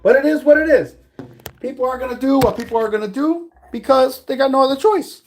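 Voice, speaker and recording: This vlogger's voice is extremely high and a little fast, with slight background noise. While making food in his kitchen at home, he hands out blunt, preachy, profanity-laced life advice in a casual livestream pep-talk style.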